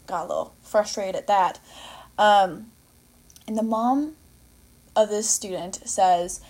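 A woman's voice: mid-range voice, slow, pauses often, a little mellow. A young woman hosting a solo podcast, chatting casually and rambling, with many fillers and self-corrections while she acts out quoted lines. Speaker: podcast host. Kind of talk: casual solo podcast chat about a movie.

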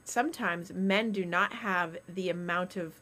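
Animated woman hosting a chat show. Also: lowish voice. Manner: animated, quick to explain and tease. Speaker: podcast host. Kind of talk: casual chat.

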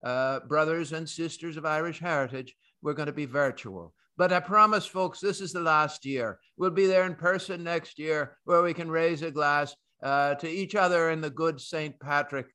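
A podcast host putting on a light Irish brogue in a playful, folksy greeting. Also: male voice, a little high, moderate pace, few pauses, bright, forceful tone, smooth. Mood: jovial.

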